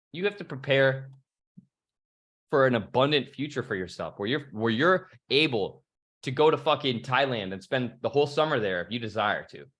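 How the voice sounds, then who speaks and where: Here a young man's medium-pitched voice, a touch bright, drives a pumped-up motivational speech over video call. He keeps it loose, swears freely and talks in heavy bro slang.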